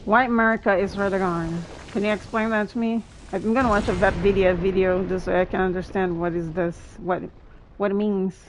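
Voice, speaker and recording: A woman streaming a video game, reacting excitedly to boss fights and chatting to her viewers. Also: medium pitch, normal speed, slight background noise, rough recording. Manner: excitable, exclaims often, thanks viewers. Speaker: gaming streamer. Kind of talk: live gameplay commentary.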